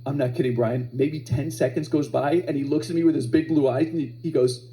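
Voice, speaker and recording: A man's voice: fairly high pitch, fairly even intonation, a little fast, mellow, a little hiss or hum, low-quality recording. A man doing a stand-up comedy set live on stage, telling family stories and acting out his kids' voices.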